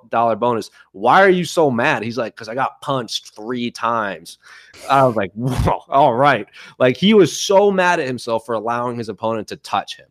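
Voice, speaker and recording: A man's voice: medium pitch, dry recording, clean studio sound. A man co-hosting a casual chat podcast, talking enthusiastically and jokingly with lots of fillers. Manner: enthusiastic, jokey, many fillers. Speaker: podcast co-host.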